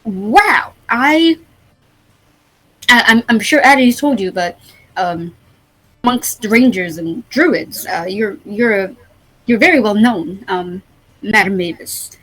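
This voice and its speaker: A woman's voice: medium pitch, slow pace, pauses often, a bit bright, rough recording. A woman voicing a skinny, jittery young male priest who is flustered and forgetful, stammering and apologizing as he talks. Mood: nervous.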